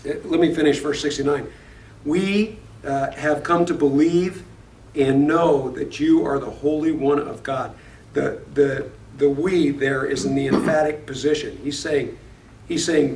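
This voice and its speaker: A man's voice: on the high side, steady tone, measured pace, a little mellow, slight background noise. A man teaching a Bible study class, reading verses aloud, explaining them and putting questions to the class. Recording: echoey room, voice far from the mic.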